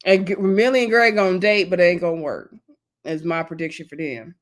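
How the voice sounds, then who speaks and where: A woman vlogger recapping a reality TV episode in a casual, gossipy, animated way, with loose slangy talk and asides to her viewers. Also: lowish voice, brisk. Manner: loose slangy speech addressing viewers as y'all.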